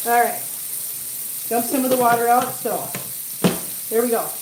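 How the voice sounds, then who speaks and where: A woman's voice: on the high side, measured pace, noisy background. Chatty woman cooking in an echoey kitchen. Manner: chatty, teasing, baby talk to cats. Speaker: cat vlogger cooking on a livestream. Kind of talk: casual live-stream chat while cooking. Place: home kitchen.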